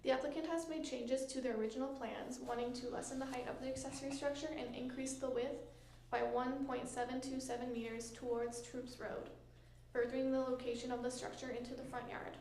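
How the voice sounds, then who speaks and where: Woman reading a formal planning report. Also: high-pitched. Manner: measured, even and procedural. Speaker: municipal planner presenting a report. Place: council chamber. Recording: echoey meeting room with faint noise.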